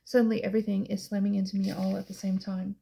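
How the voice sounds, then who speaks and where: A woman reading a first-person novel aloud as an audiobook narrator, in a hushed, tense and emotional way. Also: medium pitch, little pitch movement, quick pace, vocal fry.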